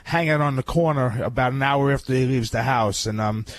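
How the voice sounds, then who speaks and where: A man's voice: mid-range voice, a little fast, no room sound. A man co-hosting a radio show as the groomer, joking in an offhand way. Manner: jokey, offhand. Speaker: groomer co-host.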